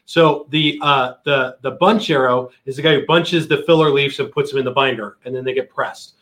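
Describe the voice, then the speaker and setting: A man hosting a casual chat show, telling stories in an animated way and acting out what people said. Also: medium pitch, moderate pace. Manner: animated storyteller, acts out quotes loudly. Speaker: podcast host.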